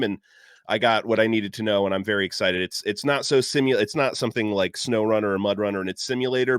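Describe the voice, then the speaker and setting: A man's voice: fairly low pitch, a bit bright, dry recording, clean studio sound. A man on a podcast telling casual stories with a laugh, easily sidetracked and full of fillers. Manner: chatty anecdote telling with frequent uh fillers and laughs. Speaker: podcast guest. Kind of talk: casual chat.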